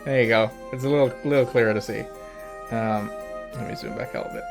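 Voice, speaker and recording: A man's voice: medium pitch, steady tone, a little fast, creaky, faint music behind. Giggly male streamer chatting casually. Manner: chatty and giggly, often breaking into laughter. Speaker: VTuber streamer. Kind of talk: casual livestream chat.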